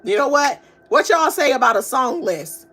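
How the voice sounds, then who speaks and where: A woman hosting a casual live stream, chatting with viewers and reading their comments aloud in a slangy, animated way. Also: high-pitched, moderate pace, slight background noise. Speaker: livestream host.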